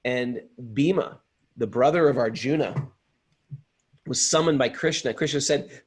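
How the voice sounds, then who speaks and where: A man hosting a spiritual talk, telling a story in an animated, earnest way. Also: medium pitch, unhurried, breathy edge. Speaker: host. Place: home in upstate New York.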